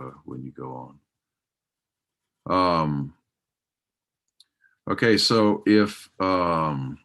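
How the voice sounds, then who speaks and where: A man's voice: rumbling low, fairly bright tone. A man hosting and moderating an online forum webinar, talking loosely with many fillers. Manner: loose, rambling, filler-heavy. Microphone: video call.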